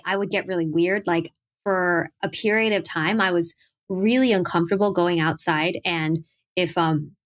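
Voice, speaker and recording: A young adult woman, a singer-songwriter, telling animated stories in a casual interview, acting out quotes and laughing often. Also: on the low side.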